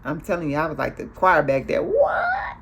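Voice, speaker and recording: Woman, low voice, casual show recap, chatty, acts out lines, faint background hiss. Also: quick pace, fairly bright tone. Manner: chatty, retells scenes acting out the lines.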